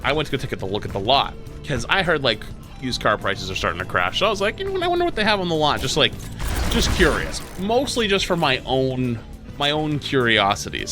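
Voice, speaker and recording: A man streaming, casually telling a profane, exasperated story about his day. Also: medium pitch. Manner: animated, profane, exasperated retelling.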